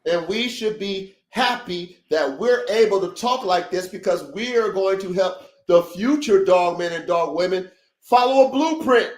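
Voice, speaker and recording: A man's voice: high voice, unhurried. Emphatic, preachy male podcast host. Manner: emphatic, preachy, repetitive pep-talk with profanity. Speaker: podcast host, dog breeder. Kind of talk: casual livestream podcast talk. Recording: roomy echo.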